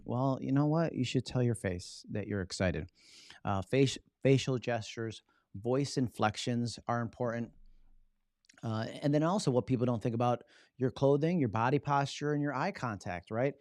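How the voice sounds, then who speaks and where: A man hosting a live stream on public speaking, teaching in an energetic, casual way and often checking in with "right?". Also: mid-range voice, moderate pace, no room sound, studio quality.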